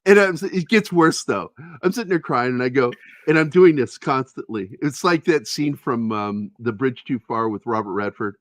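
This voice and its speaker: With a mid-range voice at normal speed and few pauses, a man hosts a podcast on a recording without echo. He chats casually, telling personal stories in a frank, wandering, foul-mouthed way.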